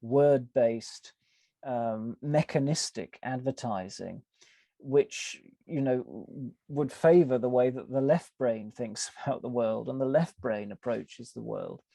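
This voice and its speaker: A man's voice: mid-range voice, slow, vocal fry, warm tone, no echo. A man, a guest on a podcast, explaining his ideas at length in a thoughtful, hesitant way, full of fillers and restarts. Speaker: podcast guest, advertising author. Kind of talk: conversational interview explanation.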